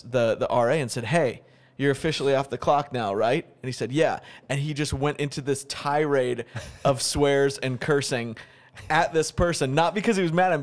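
An American man talking casually as a podcast co-host. He rambles through anecdotes with quick asides. His voice sits at an ordinary middle pitch. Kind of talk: casual chat.

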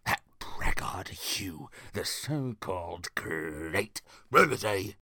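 A man's voice: deep voice, lively intonation, slow, gravelly, sharp tone, slightly rough, dry recording, studio quality, pitched below the performer's own voice, full character voice. A man putting on a pompous pious king. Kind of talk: comedy audio sketch.

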